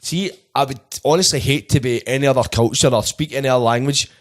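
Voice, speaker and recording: A man's voice: mid-range voice, fast. A man in his late twenties with a Glaswegian accent, hosting a casual podcast chat in a blunt, sweary, jokey way. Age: 20s. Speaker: podcast host.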